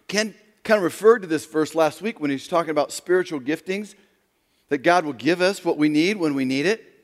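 A man preaching a sermon as pastor, dramatic, swinging between loud emphasis and hushed near-whispers. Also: on the high side, brisk, big-room sound.

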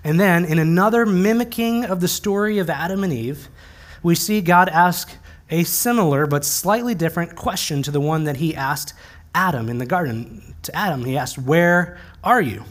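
A man's voice: fairly high pitch, moderate pace. A male pastor giving a sermon in a conversational, plain-spoken way with touches of light humor.

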